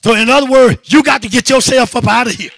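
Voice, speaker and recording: A man preaching a fervent sermon as pastor, shouting repeated "my God" refrains and calling on the congregation to answer back. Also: extremely high pitch, fast, creaky.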